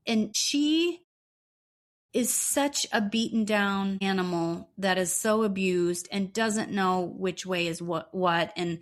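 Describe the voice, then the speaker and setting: A woman co-hosting a podcast, recapping reality TV in blunt, profane casual chat. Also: mid-range voice. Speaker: podcast co-host.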